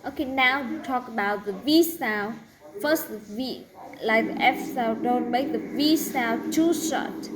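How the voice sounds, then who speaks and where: A woman teaching a pronunciation lesson, saying each example word slowly and carefully. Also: a little high, crowd noise, poor audio. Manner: slow, deliberate, drawn-out example words.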